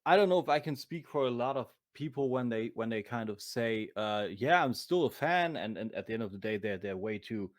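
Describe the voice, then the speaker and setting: Man, German accent, podcast guest, halting, lots of ums, mid pitch, dry recording. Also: expressive, dry recording. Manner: halting, many restarts and ums. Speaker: podcast guest, convention vendor. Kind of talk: casual chat.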